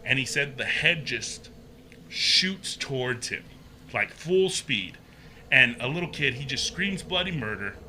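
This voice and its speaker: Bright-voiced man telling a story. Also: medium pitch, a little slow, slight background noise. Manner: animated, acts out quoted voices, many fillers. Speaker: podcast guest, haunted maze builder. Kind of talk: casual storytelling.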